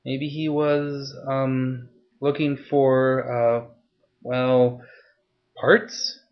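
A frightened young man stammers and stumbles through every answer, his voice pushed up high and strained, as a male narrator puts him on. The audio is a little dull and muffled. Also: level tone, very slow. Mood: nervous. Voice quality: stammering, hesitant.

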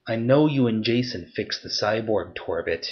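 A man voicing a cold, threatening young woman who interrogates in a soft, low voice. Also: animated, moderate pace, dull audio, natural voice. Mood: menacing.

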